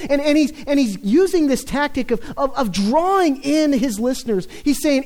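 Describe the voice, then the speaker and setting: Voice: high-pitched, lively intonation, warm tone, low-quality recording. Emphatic preacher in an expository sermon. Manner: emphatic, repeats words when stressing a point; slows down on key phrases of scripture.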